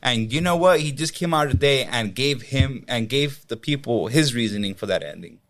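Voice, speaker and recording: A man's voice: medium pitch, normal speed. A man with a mid-range voice, talking in an easygoing way as a podcast co-host. He leans on casual fillers and loose phrasing as he works through his thoughts. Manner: relaxed, many "like" and "you know" fillers. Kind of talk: casual movie-ranking chat.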